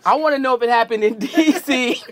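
A man hosting live radio, excitedly questioning coworkers in the station. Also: very high voice, a little fast, no echo. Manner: energetic, shouting questions at coworkers. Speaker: radio host. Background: crowd of coworkers.

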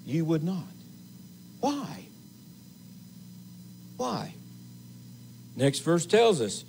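Man preaching, slow deliberate delivery, slightly high voice, faint hiss behind. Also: big pitch swings, vocal fry, a little mellow, poor audio. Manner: slow, emphatic preaching with long pauses and repeated phrases. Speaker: assistant pastor. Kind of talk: sermon. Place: church sanctuary.

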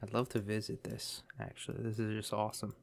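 A man's voice: fairly low pitch, completely flat delivery, fairly quick, vocal fry. A man commentating a map guessing game, thinking aloud in a chatty way with lots of ums. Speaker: game streamer.

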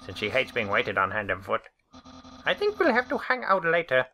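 A woman voicing a loud, boastful male skeleton from a video game, reading his lines with brash bounce. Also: very deep voice, huge pitch swings, normal speed, exaggerated voice.

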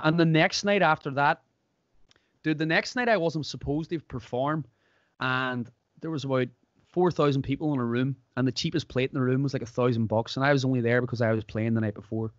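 A fairly fast-talking man from Ireland hosts a relaxed podcast, bringing his stories to life by playing each character's lines. His voice is mid-range, captured in a dry, lo-fi recording.

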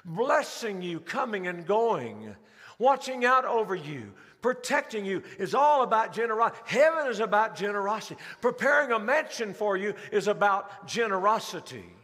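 A man preaching a sermon in a large church, his voice high and bright. He swings between quick bursts and slow, drawn-out stressed words. The sound carries a long hall reverb. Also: sing-song. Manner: preaching with rising emphasis and slowed, stressed phrases. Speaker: pastor.

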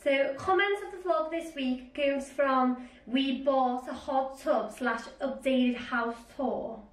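A young woman chats brightly during a try-on haul, giggly and quick to joke. Her voice sits high. She sounds a little distant in an echoey room. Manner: bubbly, giggly, chatty. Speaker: vlogger. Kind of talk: casual try-on haul chat.

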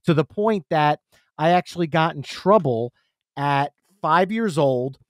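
A man in his forties chats as a podcast guest with a slightly high voice, spinning animated stories and playing out the lines of the people in them. The sound is dry and close, with no room around it. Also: unhurried, no room sound. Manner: animated storyteller, acts out quotes. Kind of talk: casual storytelling.

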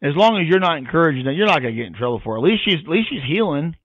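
A man's voice: fairly high pitch, big pitch swings, racing, husky, no echo. A man who trains retrievers, talking casually on a podcast and acting out his handling commands as he explains them. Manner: plain-spoken, demonstrates commands aloud. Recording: tinny phone-like sound.

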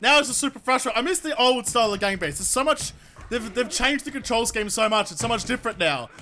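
A young man commentating a brawling game, loud and excitable, yelling and swearing a lot. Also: extremely high pitch, quick pace, a little hiss or hum. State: sore throat from yelling. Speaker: gaming YouTuber. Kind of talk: let's play commentary. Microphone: desk microphone.

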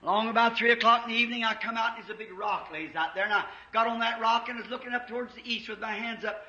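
Fiery preacher guy, super high sharp voice, yells at the big moments, roomy church, muffled old recording. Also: quick pace. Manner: impassioned, shouting at peaks, old-time Southern US preaching cadence. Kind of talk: fiery revival sermon. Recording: echoey church, dull 1950s tape.

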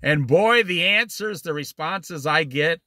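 Middle-aged guy teaching bible study, high lively voice, bright, slow and emphatic, dry sound. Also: dry recording. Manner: folksy, animated storytelling with emphatic slow stresses.

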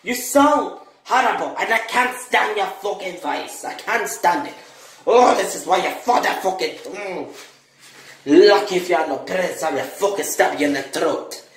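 A performer voicing a crude, foul-mouthed, bossy male teacher who barks slow commands in a one-person comedy skit. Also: mid-range voice, echoey room, lightly acted, low-quality recording. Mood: scornful.

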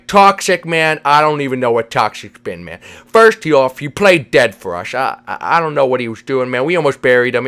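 A man's voice: medium pitch, a bit bright. A man putting on a laid-back dude Lego guy. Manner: drawling, says "man" every line. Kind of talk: Minecraft role-play.

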